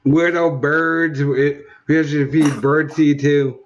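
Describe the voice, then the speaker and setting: A man in crude casual podcast banter, loud and profane, laughing often. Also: a little high, flat delivery, slow pace. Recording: dull lo-fi audio.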